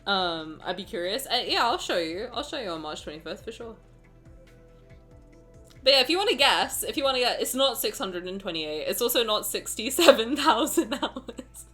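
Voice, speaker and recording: On her live stream, a young woman chats casually and excitably with viewers in a slightly high voice at normal speed, exclaiming often and swearing occasionally. Emotion shows as she nears tears, with faint music in the background.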